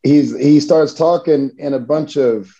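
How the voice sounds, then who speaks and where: A man from Missouri, in a relaxed interview, tells a personal story with chuckles and frequent restarts. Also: fairly high pitch, measured pace, dull audio. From Missouri, USA. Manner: casual, chuckling, many restarts.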